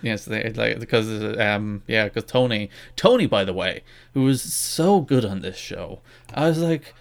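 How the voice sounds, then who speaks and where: A man's voice: lowish voice, animated, unhurried, vocal fry. A man co-hosting a casual wrestling podcast, rambling and self-deprecating with lots of restarts. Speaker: podcast co-host.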